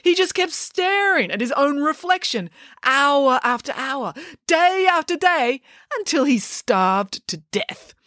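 Brief: storybook pig nanny, bossy and sure of herself, lively ups and downs, dry close sound, read by a woman. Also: high-pitched, slow pace, no room sound, voice pushed up, full character voice. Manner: scolding and self-assured.

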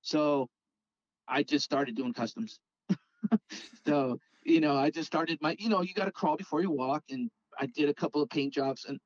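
A Southern California man, a guest who customizes Hot Wheels, casually rambles through a story about modifying toy cars and gets animated as he imitates his friends' voices. His voice is on the high side at a normal speed, and the recording is muffled with no room sound.

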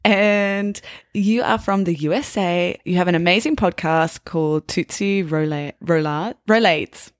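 This is a woman hosting a podcast in a measured teacher voice. Her voice sits on the low side and she explains things clearly for learners. The recording is dry and close to the mic. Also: no echo. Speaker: podcast host. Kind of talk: casual interview, slow teacher voice.

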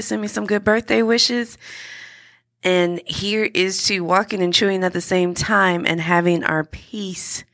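Brief: woman podcast host, low voice with vocal fry, warm encouragement, dry close sound. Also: dry recording. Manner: earnest and encouraging, with frequent restarts. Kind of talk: motivational podcast monologue.

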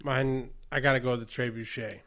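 A man's voice: medium pitch, fairly even intonation, a little fast, fairly bright tone. Young man cracking dry crude jokes. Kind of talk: casual banter among friends.

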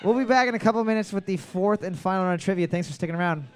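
A man hosts a trivia night podcast, reading every question twice and cracking crude jokes between rounds. His voice sits high, and he talks very fast.

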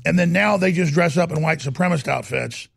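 A man rants in rapid, heated bursts on a talk show. His voice is high and gravelly, husky in texture, recorded close and dry. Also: no room sound. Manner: heated, rapid-fire ranting. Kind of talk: ranting commentary.

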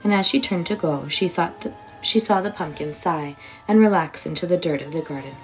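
A woman reads a children's bedtime story aloud, warm and expressive, in a fairly low voice at a slightly fast pace. Soft music plays quietly behind her, and the audio quality is poor.

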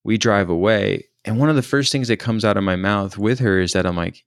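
A man with a very low voice full of gravelly fry talks through a personal story. He is thoughtful and hesitant, often pausing and restarting. The recording is dry and close. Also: no echo. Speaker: storyteller recounting a personal experience.

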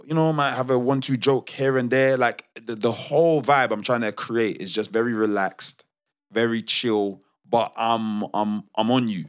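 A young man co-hosting a podcast, telling work stories in a casual, animated, slangy way with many restarts. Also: medium pitch, normal speed, clear, resonant tone. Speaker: podcast co-host. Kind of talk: casual storytelling chat.

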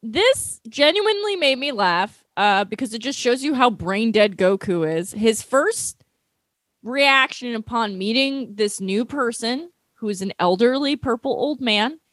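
A young woman chatting on a comedy podcast, her voice a little higher than most and recorded close and dry. She tells stories in an animated way, slipping into quoted voices and laughing often. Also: unhurried, no echo. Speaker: podcast co-host. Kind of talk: casual comedic chat.

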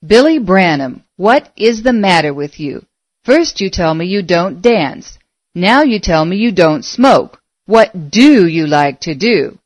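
A woman's voice: medium pitch, lively intonation, unhurried, hardly any pauses, no echo, natural voice. A woman reading aloud voicing a scornful teenage girl who taunts and mocks her date, in a dry-sounding recording. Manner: sneering, taunting.

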